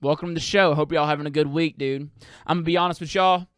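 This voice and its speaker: Man rambling host, high clear voice. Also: steady tone, quick pace, fairly bright tone, no echo, studio quality. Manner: profane, rambling, self-deprecating. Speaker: podcast host. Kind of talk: casual comedic monologue.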